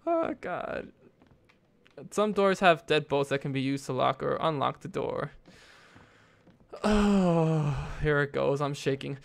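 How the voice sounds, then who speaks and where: A young male gaming YouTuber commentates a horror game into a desk mic with a face cam, sounding nervous and jumpy as he talks to viewers with plenty of fillers and scared exclamations. His voice is medium-pitched and gravelly, with a steady tone, normal speed and hardly any pauses.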